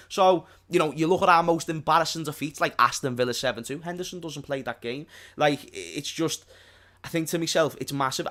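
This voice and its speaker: A young man with a Scouse accent co-hosting a casual football podcast, animated and quick to laugh. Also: a little high. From Liverpool. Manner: laughing, animated, slangy banter. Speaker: podcast co-host.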